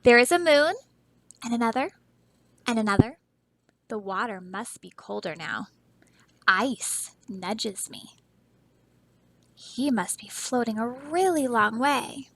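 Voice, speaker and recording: High, bright-voiced woman teacher reading aloud. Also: slow pace, pauses often, rough recording. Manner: stops often to ask young listeners questions; soft, expressive storytelling with dramatic hushes. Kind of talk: children's picture book read-aloud.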